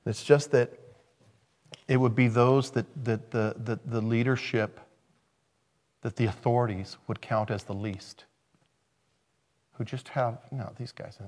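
A man preaching a sermon in an animated way, swinging from loud and excited to quiet and reflective. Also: mid-range voice, a little slow, long pauses.

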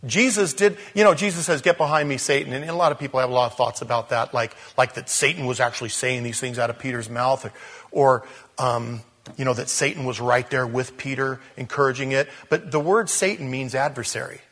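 A man's voice: medium pitch, a little fast, a bit bright. A man preaching a conversational sermon, telling the story informally with asides and acting out the quotes.

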